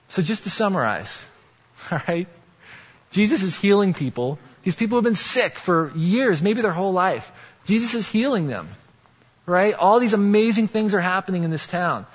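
Male pastor, casual sermon, higher voice, long reverb, dull recording. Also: animated, normal speed, husky. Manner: conversational, often asks "right?".

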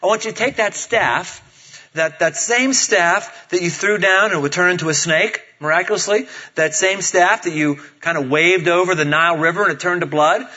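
A man voicing a calm, commanding divine figure who gives steady instructions, on a dull lo-fi recording. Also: sits high, normal speed. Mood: instructing. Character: calm, commanding divine male voice giving orders.

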